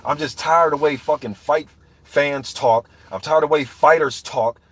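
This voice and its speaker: In a dry recording, a man with a slightly bright voice on the high side rants at a moderate pace. He's a boxing commentator going off profanely and heatedly about boxing to his live chat viewers.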